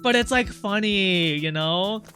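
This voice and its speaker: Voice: medium pitch, takes it slowly, sharp tone, faint music behind. A streamer casually chatting with viewers and joking while playing a story game. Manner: chatty, swears, laughs, drifts into reading dialogue.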